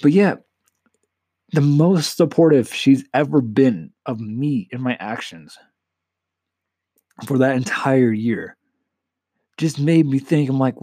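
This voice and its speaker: An eighteen-year-old man talks through his own story on a solo podcast, candid and rambling, with plenty of swearing. His voice sits at an ordinary pitch for a man. The sound is dry and close, with no room around it. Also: lively intonation, takes it slowly, long pauses, dark tone, husky, no room sound. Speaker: podcast host. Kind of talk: casual solo podcast confession.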